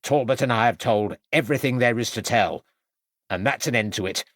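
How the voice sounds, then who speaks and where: A man voicing a loud, formidable, buxom middle-aged landlady who booms and gives orders. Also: fairly quick, no echo, clean studio sound, close to an everyday voice. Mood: bossy. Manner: booming, bossy, dismissive.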